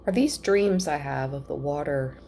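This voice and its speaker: A woman giving a casual spiritual reading at home, chatty and thinking out loud with soft asides. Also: sits low, normal speed, vocal fry, slight background noise. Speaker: tarot reader.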